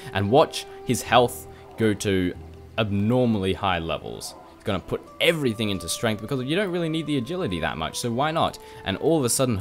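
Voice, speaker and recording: A man casting a video game match play by play, rapid and chatty with casual swearing. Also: fairly low pitch. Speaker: esports caster. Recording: music playing behind.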